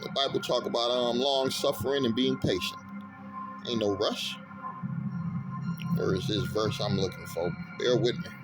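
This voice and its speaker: A street preacher with a medium-pitched, steady voice reads scripture and bursts into loud, laughing, fervent remarks in slangy, casual talk. He takes his time finding verses, and a music bed runs under his voice.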